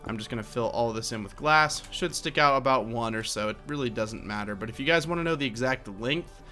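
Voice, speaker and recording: Fairly quick and pushed bright, this medium-pitched young man talks over soft background music in his casual Minecraft building tutorial, chatting loosely with plenty of fillers and self-corrections.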